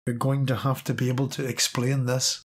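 A man's voice: medium pitch, little pitch movement, brisk, slightly rough. A man voicing a weary, blunt woman soldier in a wartime audiobook. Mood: cold.

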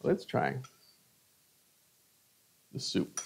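A middle-aged man hosting a live cooking stream, chatting casually and savoring each bite of food between remarks. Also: extremely slow. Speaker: cooking channel host.

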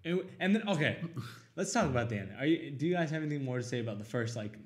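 A young man co-hosting a casual film review chat, animated and acting out scenes in quick quoted voices. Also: mid-range voice, soft background music. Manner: rapid, animated, acts out lines in quotes. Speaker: podcast co-host.

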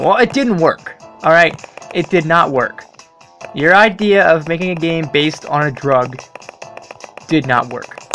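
Excitable swearing gamer with a lively voice. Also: mid-range voice. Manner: excitable, swearing, loud startled outbursts. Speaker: let's play gamer. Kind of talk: casual game commentary.

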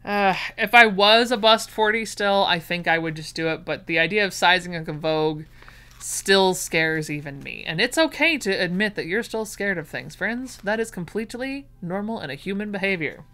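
Bright, chatty woman vlogger. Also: mid-range voice, animated, normal speed. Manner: chatty and enthusiastic, gushing over finds. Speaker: vintage sewing pattern vlogger. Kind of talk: casual unboxing chat.

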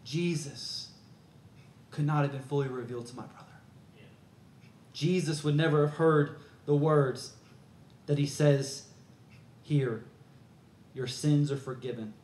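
A man's voice: on the high side, a little slow, long pauses, darkish tone, echoey room. A man preaching a sermon, telling a story in an earnest, conversational way.

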